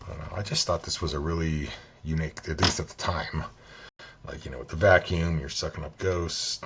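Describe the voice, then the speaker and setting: Very deep gravelly man, noisy recording. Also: fairly quick, muffled recording. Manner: meandering, relaxed, thinking aloud. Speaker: game collector. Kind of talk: soft-spoken collection chat.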